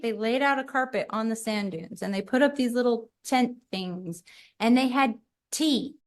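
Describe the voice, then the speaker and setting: A middle-aged woman co-hosting a podcast in casual chat, animated, acting out little quoted voices. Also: high-pitched. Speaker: podcast co-host.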